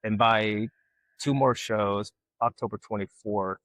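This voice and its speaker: A middle-aged man from Alabama, a guest artist telling folksy stories in casual conversation and getting lively when he quotes people. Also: lowish voice, a little slow. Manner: folksy, animated when quoting others. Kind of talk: casual storytelling.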